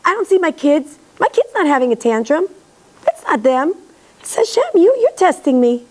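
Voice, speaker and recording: A woman with a hoarse voice from laryngitis, giving an earnest, animated religious lecture to an audience and acting out bits of dialogue. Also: sits high, moderate pace, rough recording. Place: synagogue hall.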